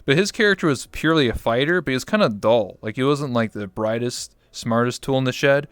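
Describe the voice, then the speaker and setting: Smooth-voiced man telling rambling stories. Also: medium pitch, expressive, a little fast, a bit bright, no room sound. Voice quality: smooth, clear voice. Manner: rambling storyteller, lots of fillers and swearing. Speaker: guest. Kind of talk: casual interview chat.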